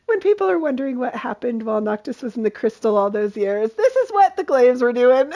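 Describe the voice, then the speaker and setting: A woman's voice: a little high, sing-song, fairly quick, warm tone. A woman streaming a video game with casual, playful commentary, laughing often.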